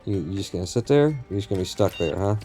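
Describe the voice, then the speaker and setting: Guy streaming a game, swears a lot, rambles to himself, kinda dark mellow voice. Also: low voice, expressive, fast, soft background music. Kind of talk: live gameplay commentary.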